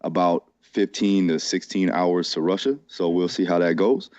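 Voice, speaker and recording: A very deep-voiced man from Florida co-hosts a podcast with easy, laid-back banter. The recording is dry and a little dull and muffled. He sounds relaxed and friendly. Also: moderate pace, no room sound. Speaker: strength and conditioning coach, co-host. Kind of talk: casual podcast chat.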